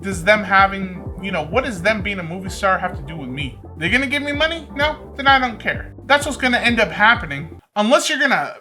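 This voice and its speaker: A man's voice: high-pitched, expressive, a little fast, few pauses, pushed and bright, faint music behind. A man with a lisp, joking and rambling as he reacts to a video. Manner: rambling, jokey, talks to the screen.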